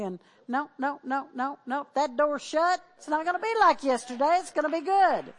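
A woman's voice: high voice, a little fast, few pauses. A middle-aged woman pastor preaching, exhorting the congregation with call-and-response and repeated declarations. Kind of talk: sermon.

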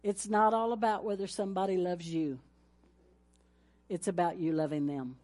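A woman's voice: fairly low pitch, fairly even intonation, normal speed, dark tone. A woman pastor, preaching a folksy sermon with announcements and laughter, ending in a fervent prayer.

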